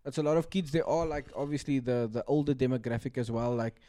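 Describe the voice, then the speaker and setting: A man's voice: mid-range voice, fast, no room sound. A man with a South African accent, co-hosting a podcast in casual chat and keeping on checking that he is understood. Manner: animated, keeps checking he is understood. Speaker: podcast co-host.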